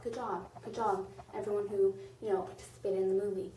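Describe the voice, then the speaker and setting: A woman's voice: medium pitch, flat delivery, a little fast, mellow, recorded from a distance. A woman reviewing a movie in a casual vlog, gushing and rambling with lots of "like". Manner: gushing, rambling, heavy use of "like". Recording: roomy echo, off-mic, faint noise.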